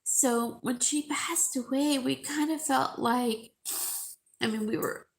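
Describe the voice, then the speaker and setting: Crying as she live-streams, a jewelry seller talks with her viewers in a gravelly voice worn down by tears and a sore throat. She speaks very slowly and haltingly, often stopping and repeating herself. Her pitch sits slightly high in this emotional chat.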